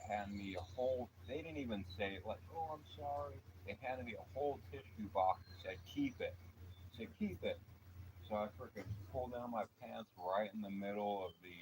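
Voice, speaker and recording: A campground host tells a long, rambling story in a low voice and swears freely. Clear outdoor noise runs behind him the whole time. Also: male voice. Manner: rambling, profane, animated storyteller. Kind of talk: casual storytelling. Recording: noisy outdoor ambience.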